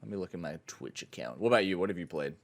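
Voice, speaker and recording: A man's voice: sits low, expressive, racing, gravelly. A man co-hosting a gaming podcast, talking casually and rambling with frequent restarts. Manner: rambling, self-correcting, breaks into an auctioneer voice. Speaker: podcast co-host and streamer. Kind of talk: casual chat.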